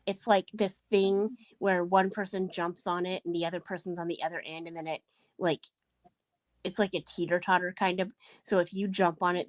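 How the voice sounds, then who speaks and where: A woman's voice: fairly low pitch, dry recording. A woman on a live panel chat, telling a story in a rambling, hesitant way with many fillers. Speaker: panel guest. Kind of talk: casual chat.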